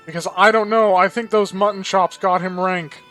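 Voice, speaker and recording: High-voiced, exhausted man rambling over gameplay. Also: fairly even intonation, moderate pace, pushed and bright, faint music behind. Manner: rambling, self-deprecating, wry. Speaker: let's play host. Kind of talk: gameplay commentary.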